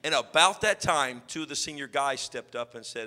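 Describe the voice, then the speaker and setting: A man, a youth pastor telling a comic story in an animated sermon style. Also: medium pitch, normal speed, hardly any pauses. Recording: long hall reverb.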